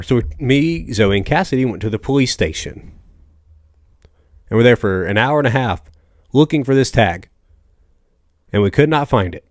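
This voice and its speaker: A man's voice: lowish voice, animated, a little slow, pauses often, no room sound, clean studio sound. A young man from the American South hosting a casual solo podcast, rambling and joking through stories with lots of asides. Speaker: podcast host.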